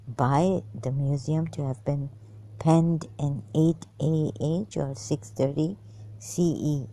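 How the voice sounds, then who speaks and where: A woman's voice: deep voice, dark tone, rough recording. A woman reading historical texts aloud and commenting on them, musing and hesitant, stopping to puzzle over words and dropping some to a whisper. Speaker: channel host.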